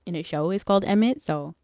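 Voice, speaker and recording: A woman's voice: mid-range voice, a little mellow, highs cut off. A young woman chatting casually on a livestream, playful and teasing as she banters with her chat.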